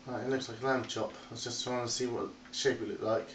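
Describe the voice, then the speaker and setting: A man's voice: mid-range voice, flat delivery, fast talker, a bit bright, slight background noise. A man giving a chatty, rambling tour of his game world and calling playfully to his animals. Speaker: video game tour guide. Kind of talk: casual narrated game walkthrough. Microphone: phone recording. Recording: echoey phone recording from a distance.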